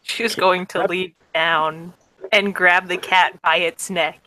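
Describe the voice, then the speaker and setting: A woman's voice: on the low side, steady tone, slow, pushed and bright, slight background noise, poor audio. A woman playing a tabletop game, talking casually and swearing freely. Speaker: player.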